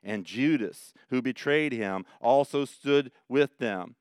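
Guy preaching a sermon, smooth clear voice, dry sound, gets dramatic telling the story. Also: medium pitch, takes it slowly, dry recording. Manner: animated, dramatic retelling with rising emphasis. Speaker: pastor. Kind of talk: expository sermon.

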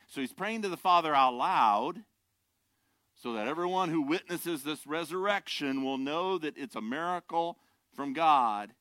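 An older man preaching a sermon. He is animated and swings between loud, impassioned lines and quiet, wry asides. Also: fairly high pitch, a little slow, no room sound, clean studio sound. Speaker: pastor.

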